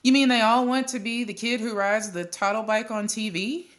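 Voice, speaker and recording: A woman's voice: a little high, fairly even intonation, moderate pace, pitched above the performer's own voice, close to an everyday voice. A woman voicing an eager, curious young boy who keeps asking questions in a storybook reading.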